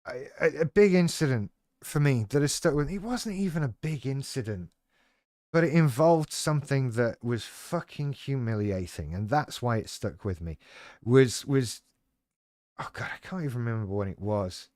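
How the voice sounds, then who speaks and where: A man's voice: mid-range voice, expressive, moderate pace, a little mellow, no room sound. Guy rambling on about himself, swears a lot, laughs at himself, pretty dry recording. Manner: rambling, self-deprecating storytelling with frequent swearing. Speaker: channel host talking about living with BPD. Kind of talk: casual personal monologue.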